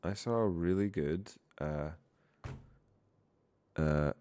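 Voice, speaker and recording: Chatting on a live stream as he codes, a young man rambles profanely and keeps breaking off mid-word. He speaks slowly in a low, dark voice with a clean tone.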